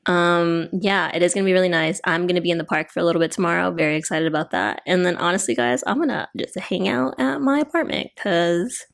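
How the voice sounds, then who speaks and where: A woman's voice: lowish voice, quick pace, gravelly, few pauses. A young woman co-hosting a podcast, chatting casually and laughing often. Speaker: podcast co-host.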